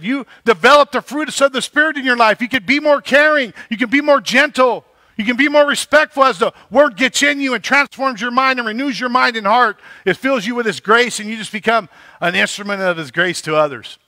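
A man's voice: very high-pitched, sharp tone, no room sound. A male pastor preaching a sermon, building emphasis and checking in with the congregation. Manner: preaching with rising emphasis and repeated "right?".

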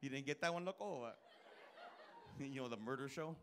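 A man's voice: mid-range voice, a little fast, a bit bright, slight background noise. A man doing live stand-up in a comedy club, working the crowd with a brash, profane, teasing manner into a handheld stage mic.

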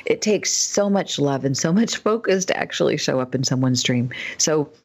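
Radio guest, woman, low voice, expressive storyteller who plays out the dialogue. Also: moderate pace, slightly rough. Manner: animated storyteller, acts out quoted dialogue. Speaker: guest, dream expert. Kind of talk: radio talk show interview.

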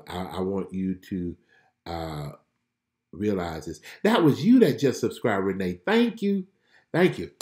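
A man's voice: low voice, darkish tone, reverberant. A man preaching a prophetic message on a livestream. He exclaims, laughs and greets viewers by name. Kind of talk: live-streamed prophetic preaching.

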